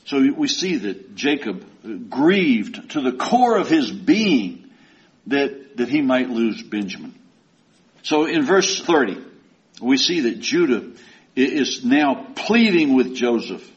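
A man's voice: medium pitch, big pitch swings, measured pace. A man preaching a sermon and retelling a story in a folksy, conversational way. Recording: dull lo-fi recording.

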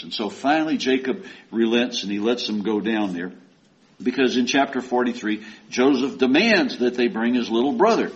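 A man's voice: medium pitch, lively intonation, moderate pace. Folksy storytelling male preacher, lo-fi. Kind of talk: sermon. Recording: dull lo-fi recording.

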